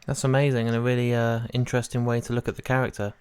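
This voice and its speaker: A man's voice: medium pitch, flat delivery, racing, darkish tone, smooth, no room sound. A man hosting a podcast, giving short reactions and asking questions. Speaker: podcast host. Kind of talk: interview questions.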